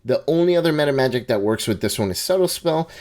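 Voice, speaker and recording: A man's voice: mid-range voice, lively intonation, fast talker, darkish tone. A man casually talking through a tabletop game guide, conversational with frequent restarts and asides. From Hispanic background. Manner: conversational, restarts and hedging asides, laughs at himself.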